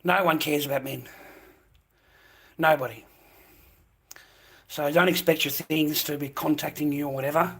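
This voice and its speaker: A man's voice: fairly high pitch, fairly even intonation, normal speed, vocal fry, long pauses, fairly bright tone, husky. A middle-aged man giving coarse, swearing, emphatic advice to other men in a blunt monologue.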